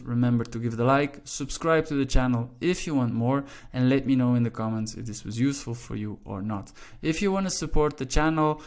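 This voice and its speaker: A man's voice: medium pitch, a little mellow. Chatty man giving a language lesson. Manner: chatty, many "you know" fillers. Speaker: Dutch language tutor. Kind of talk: casual online language lesson.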